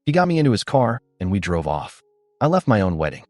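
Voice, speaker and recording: A man giving scripted first-person narration of a story in a steady, animated storytelling delivery. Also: lowish voice, quick pace, dry recording, studio quality. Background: faint background music.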